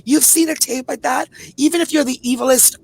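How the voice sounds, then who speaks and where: Gravelly, husky Canadian woman activist. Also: sits high, a little mellow. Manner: rapid, emphatic, run-on storytelling with many asides. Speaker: publicist and activist guest. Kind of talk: impassioned podcast conversation.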